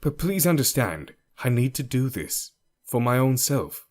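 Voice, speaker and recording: A man's voice: mid-range voice, sing-song, measured pace. A man voicing a defensive young man arguing with his partner in an audio story. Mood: apologetic. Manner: defensive, sharp.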